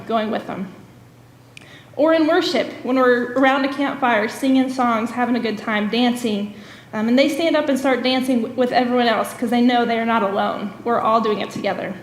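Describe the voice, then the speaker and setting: A woman with a fairly high voice gives a guest message in a church, telling camp stories in an earnest, unpolished way with plenty of "um"s. Her voice rings out into a roomy sanctuary, and a long reverb trails behind each phrase. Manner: earnest storytelling with frequent "um" fillers. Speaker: camp executive director, guest speaker.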